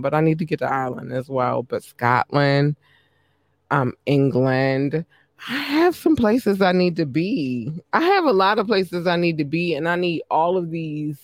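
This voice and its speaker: A man hosting a podcast in a casual, chatty way, giving shout-outs to his listeners and laughing easily. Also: a little high, dry recording. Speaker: podcast host premiering music.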